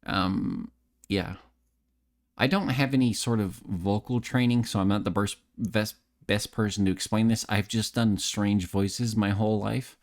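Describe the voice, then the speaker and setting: A man's voice: lowish voice, steady tone, a little slow. Tipsy nasal-voiced man streaming. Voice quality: slight lisp. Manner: rambling, self-deprecating, chatty with viewers. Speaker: streamer and voice actor. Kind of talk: casual live-stream chat. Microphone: close desk microphone.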